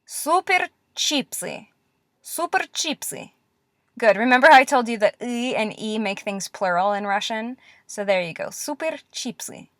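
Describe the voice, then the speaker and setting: A woman teaching Russian letters in a classroom-style lesson, patient and encouraging, repeating words slowly. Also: mid-range voice, fairly bright tone, no echo, clean studio sound.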